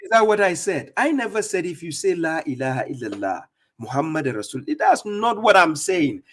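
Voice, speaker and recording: A man giving scolding religious commentary on a live stream, mocking opponents and reading verses slowly. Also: a little high, sing-song, a bit bright. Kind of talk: preaching commentary on played clips.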